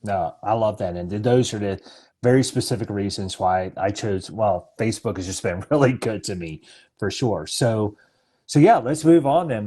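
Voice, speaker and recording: A man with a mellow, warm voice hosts a casual live-stream podcast. He backs up his guest with enthusiasm and speaks straight to the viewers watching. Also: lowish voice. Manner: affirming, enthusiastic, addresses viewers directly. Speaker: podcast host.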